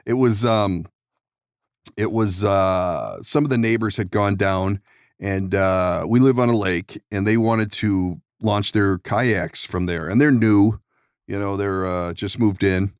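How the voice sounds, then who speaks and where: A man's voice: fairly low pitch, slow pace, smooth, dry recording. Male podcast host, rambling anecdotes, frequent laughs, dry close sound. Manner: rambling storyteller, laughs often, swears. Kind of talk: casual chat.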